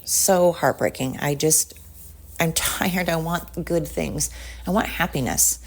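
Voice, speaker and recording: A woman's voice: deep voice, takes it slowly. A woman hosting a podcast, talking in a heated, blunt rant and swearing often. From United States. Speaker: podcast host. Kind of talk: casual ranting monologue.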